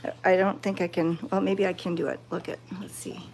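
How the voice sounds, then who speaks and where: A woman chatting to her viewers while petting cats, excited and fond, cooing softly to the animals. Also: on the low side, a little fast, vocal fry, a little hiss or hum. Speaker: cat sanctuary vlogger.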